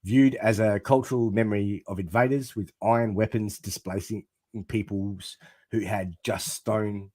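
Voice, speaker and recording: A man co-hosting a podcast, reading a text aloud haltingly in casual chat. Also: lowish voice, fairly even intonation, darkish tone, no room sound. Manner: reads text aloud haltingly, stumbling over words. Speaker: podcast co-host.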